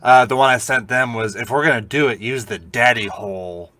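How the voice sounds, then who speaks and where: A man's voice: mid-range voice, fairly quick, sharp tone, dry recording. A man co-hosting a podcast from a separate spot, making crude, amused comments in casual chat. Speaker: podcast co-host calling in remotely.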